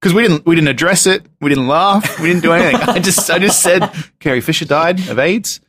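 A man's voice: on the high side, a little fast, a bit bright, dry recording. A man hosting a podcast in casual chat, laughing often and joking loosely. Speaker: podcast host.

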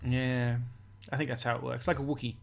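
A man's voice: mid-range voice, level tone, brisk, vocal fry. A man co-hosting a casual podcast, joking, laughing often and trailing off in hesitations. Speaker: podcast co-host. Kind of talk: casual chat.

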